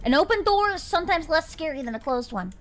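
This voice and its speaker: Young woman, streamer, very high bright voice, lively, faint background noise. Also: fast. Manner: playful, chatty with chat, mock-scared. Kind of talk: casual gameplay commentary.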